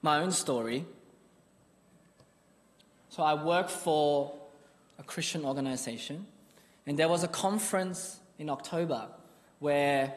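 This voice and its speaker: A man with a fairly high voice delivers a sermon, weaving in a personal story in an earnest, conversational manner. His voice carries a long reverb, as if from a large hall. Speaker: preacher.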